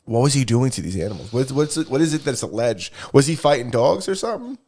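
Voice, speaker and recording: A man's voice: mid-range voice, sing-song, fast talker, a little mellow. A man co-hosting a casual podcast, teasing his friends, joking and swearing. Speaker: podcast co-host. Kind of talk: casual chat.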